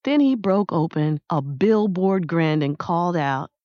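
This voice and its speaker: Slow, measured woman narrating a story. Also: on the low side, animated, warm tone, no room sound. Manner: slow, measured, lyrical reading. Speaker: audiobook narrator. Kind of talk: scripted narration. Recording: dry, slightly dull close-mic sound.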